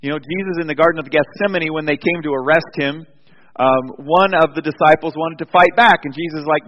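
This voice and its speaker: A male pastor preaching a sermon with animated storytelling, often restarting his sentences, in a church sanctuary. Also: a little high, brisk. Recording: dull recording with long hall reverb.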